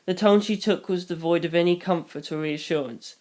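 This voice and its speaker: A reader narrating a novel in first person, brisk with wry asides. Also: mid-range voice, a little mellow.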